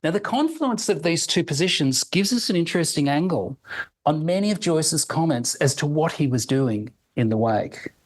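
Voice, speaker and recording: A man reading a prepared academic lecture in a measured, deliberate way, slowing to sound out example phrases. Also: a little high, expressive, rough recording.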